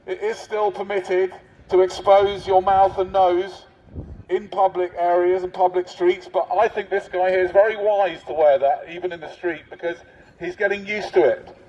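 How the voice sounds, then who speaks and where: Mock-officious man, high voice. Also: fairly even intonation, moderate pace, darkish tone. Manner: mock-officious, teasing, addresses passers-by. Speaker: street prankster posing as covid marshal. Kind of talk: satirical street performance. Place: busy city street outdoors. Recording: dull lo-fi street recording.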